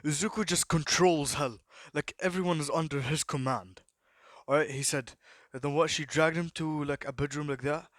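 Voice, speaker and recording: A man's voice: on the high side, moderate pace, fairly bright tone, no room sound, studio quality. Rambling young man telling a story. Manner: rambling, many fillers and repeated "the what?" prompts. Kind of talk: casual improvised story narration.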